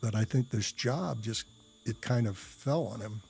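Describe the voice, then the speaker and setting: A man recounting a story at an unhurried, drawn-out pace, his voice dark and relaxed. He rambles, restarts his sentences and fills pauses with "uh" and "you know". His speech is blunt and a little profane. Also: medium pitch, gravelly. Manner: rambling, hesitant, full of fillers and restarts. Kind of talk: casual spoken storytelling.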